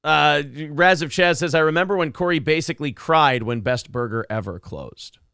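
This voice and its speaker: Gravelly guy hosting a morning show, crude jokey banter, bright edgy tone. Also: a little high, normal speed, dry recording, studio quality. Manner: crude, joking, swears freely. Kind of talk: casual radio show banter.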